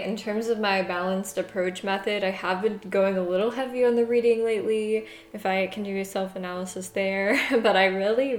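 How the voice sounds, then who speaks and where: An American woman hosting a casual language-learning vlog, chatty and laughing often, sometimes reading aloud slowly. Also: mid-range voice. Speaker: podcast host. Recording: echoey room.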